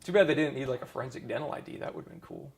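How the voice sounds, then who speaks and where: In an oral history interview, a former army dentist recounts his deployment loosely and conversationally, restarting sentences often and leaning on fillers. His middle-pitched voice has a gravelly, creaky edge and is a little mellow, and he races along with wildly swooping pitch.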